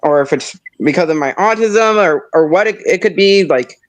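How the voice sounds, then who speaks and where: A man's voice: high voice, lively intonation, normal speed. A young man with a slightly nasal, stuffed-up voice, chatting casually on a stream with rambling, restarting sentences. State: stuffed-up nose. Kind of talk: casual chat.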